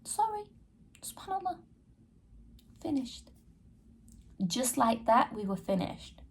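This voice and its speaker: This podcast host has a high, sing-song, breathy voice and takes her time. Frank and earnest, she tells listeners directly about her own experience, voicing the dialogue as it happened back then.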